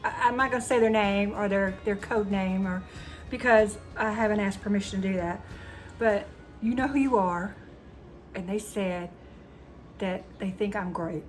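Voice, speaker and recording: Speaking at a normal pace in a medium-pitched voice, a woman with a Southern US accent chats casually to camera for her cooking channel. She's emotional with viewers and says "y'all" often; soft background music plays.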